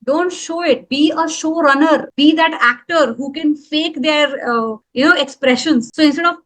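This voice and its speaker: High-voiced woman coaching public speaking. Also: fairly quick, hardly any pauses, fairly bright tone. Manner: emphatic, demonstrates tone shifts, addresses viewers directly. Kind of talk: instructional talk.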